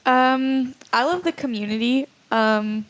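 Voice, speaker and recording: A young woman, a talk show guest, answering questions hesitantly with many pauses and fillers. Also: high-pitched. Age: young adult. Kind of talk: casual chat.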